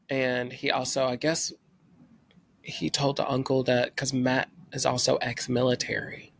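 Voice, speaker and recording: A young man from North Carolina tells a story from his own life. He acts out what he was thinking at the time, with his voice at a middle pitch for a man. The sound is close and dry, with no room echo. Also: normal speed, creaky. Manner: animated retelling, acting out his own past thoughts. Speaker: vlogger. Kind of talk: personal storytelling.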